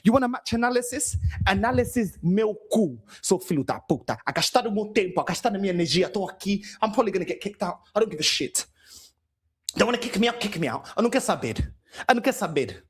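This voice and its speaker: Husky guy raging after a match, cursing nonstop, swapping languages mid sentence, voice all over the place. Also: high-pitched, expressive, fast talker. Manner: furious, swearing, switching between Portuguese and English. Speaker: fan channel host. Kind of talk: angry post-match rant.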